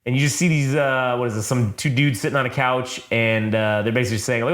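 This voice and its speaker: A man's voice: medium pitch, fairly even intonation, fairly quick, a bit bright, reverberant. A man on a casual comic podcast, rambling and swearing as he recaps a comic and acts out its characters' lines. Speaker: comic book podcast host.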